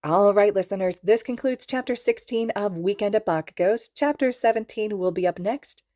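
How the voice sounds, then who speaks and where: A woman reading a fan fiction audiobook aloud in a calm, even storytelling manner. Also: mid-range voice, normal speed. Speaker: podfic reader.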